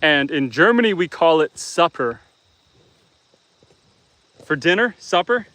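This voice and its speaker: A fairly high-voiced middle-aged man from Canada hosts a live stream from his farm. He chats outdoors among his animals in an easygoing, teasing way, and farm animals can be heard behind him. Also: very animated, takes it slowly, bright, forceful tone, dry recording, poor audio. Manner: easygoing, chatty, teasing viewers. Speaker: homestead livestreamer. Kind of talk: casual live-stream chat reading viewer comments.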